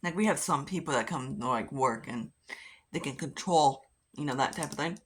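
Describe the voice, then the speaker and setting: A woman's voice: a bass voice, animated, moderate pace, breathy edge. A woman chatting casually while doing her makeup, rambling and swearing freely. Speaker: beauty vlogger. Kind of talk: casual get-ready-with-me chat.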